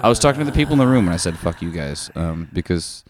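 A man's voice: sits low, fast talker, a crowd in the background. A man co-hosting a podcast, joking in casual banter and swearing a lot. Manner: profane, joking, animated. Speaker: podcast co-host.

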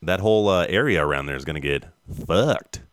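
A man with a low voice co-hosts the show, tossing in wisecracks and teasing asides. His pitch moves a lot, and the sound is dry. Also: expressive, brisk, clear, resonant tone, no room sound. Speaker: co-host. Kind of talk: casual chat.

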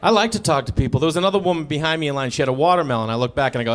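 A man's voice: fairly high pitch, rapid-fire, hardly any pauses. A man doing a stand-up set, telling stories and acting out both sides of his conversations. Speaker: stand-up comedian. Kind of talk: stand-up set before a live audience. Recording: stage recording with audience laughter.

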